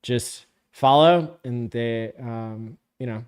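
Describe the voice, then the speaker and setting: A man hosting a live stream, reading viewer comments out loud in a blunt, sarcastic, casual way. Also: mid-range voice, takes it slowly, smooth. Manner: blunt, sarcastic, profane, often laughing.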